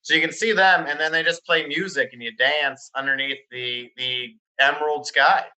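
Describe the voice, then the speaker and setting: A man doing a clueless travel expert who bumbles through his answers in a flat, halting ramble, with a slightly high, very bright and forceful voice. It is an improvised podcast comedy bit. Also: rough recording. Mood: deadpan. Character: clueless male travel expert Dave, goofy and deadpan.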